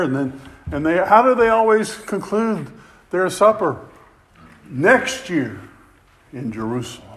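A man preaching a sermon with passion. He climbs louder and higher to stress a point and often repeats words as he goes. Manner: impassioned, rising in pitch and volume for emphasis, repeats words.

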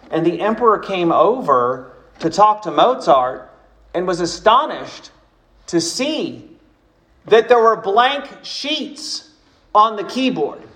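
Slow, high-voiced man preaching a sermon. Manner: animated storytelling with voiced quotes. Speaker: pastor. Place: church sanctuary.

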